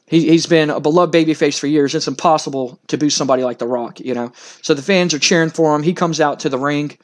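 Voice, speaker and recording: A man's voice: a little high, fast talker. A man casually narrating a wrestling game playthrough, rambling and full of fillers.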